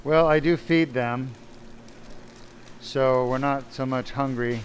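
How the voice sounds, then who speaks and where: A man's voice: medium pitch, steady tone, slow, slight background noise. A man working as a spine surgeon who narrates a live-streamed operation, talking casually to viewers and his team while he works. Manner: chatty, self-deprecating, talks to viewers while working. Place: operating room.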